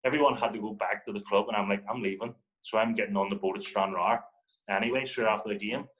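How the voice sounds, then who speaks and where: A man with a Northern Irish accent, a podcast guest telling animated anecdotes and acting out the people in them. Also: lowish voice, fast talker, rough recording. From Northern Ireland. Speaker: podcast guest, former footballer. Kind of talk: casual storytelling.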